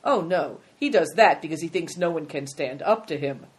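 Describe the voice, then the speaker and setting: A woman's voice: sits low, lively intonation, normal speed. A woman reading a storybook aloud and voicing a poor, polite, clever country boy. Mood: earnest. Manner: polite and earnest.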